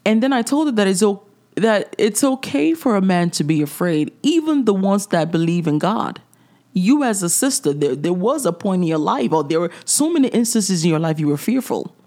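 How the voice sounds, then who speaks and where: A woman's voice: mid-range voice, sing-song, moderate pace, warm tone. A middle-aged woman hosting a faith-based podcast, talking in a direct, preachy way with chuckling asides. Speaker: podcast host.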